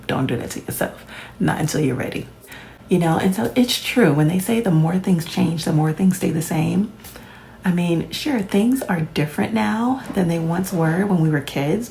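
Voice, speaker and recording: A woman's voice: on the low side, a little slow, creaky, dark tone, a little hiss or hum, rough recording. A woman, chatting casually to camera as a vlogger, laughing often and adding playful asides. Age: 40s.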